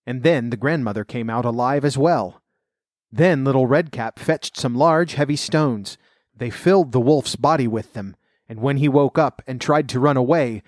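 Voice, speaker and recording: A man calmly narrating a fairy tale in a measured storybook reading. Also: medium pitch, no room sound, studio quality.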